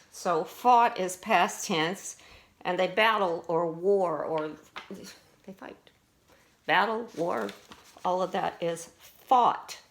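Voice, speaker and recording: A woman's voice: mid-range voice, a bit bright. A middle-aged woman teacher patiently walking students through spelling words, asking them questions as she goes. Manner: slow, patient, explains and asks questions.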